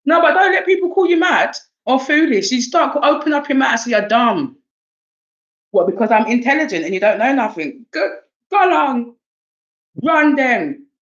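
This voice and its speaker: A fairly high-pitched woman talks a little fast through an oracle card reading on a casual livestream, laughing and animated. Her South East London accent comes with streetwise slang and swearing, and the recording is muffled.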